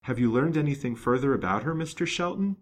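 A man's voice: medium pitch, expressive, fast, voice pushed up, close to an everyday voice. A man reading the lines of a frail, grateful young woman in a storybook, in an earnest, emotional tone. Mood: pleading.

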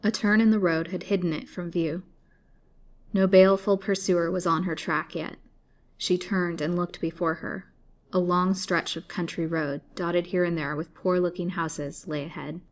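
A woman storyteller reading an old serialized novel aloud in a measured, dramatic way. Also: on the low side, steady tone. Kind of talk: scripted narration of a serialized novel.

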